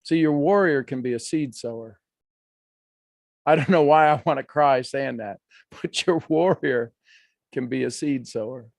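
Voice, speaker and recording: A man coaching a live workshop, animated, acting out quoted voices and laughing often. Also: mid-range voice, a little slow, vocal fry, pauses often, no room sound, studio quality.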